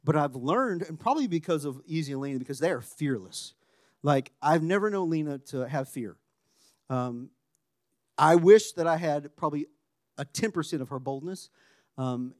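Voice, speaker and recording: A man preaching a sermon, animated and conversational, dropping to a hushed voice when acting out quotes. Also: fairly high pitch, no room sound, studio quality. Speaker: pastor.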